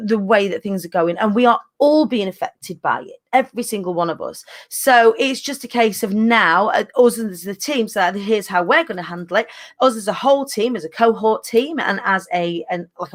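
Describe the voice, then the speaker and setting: A woman hosting a casual livestream update for her business community, speaking candidly and energetically with many fillers and restarts. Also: medium pitch.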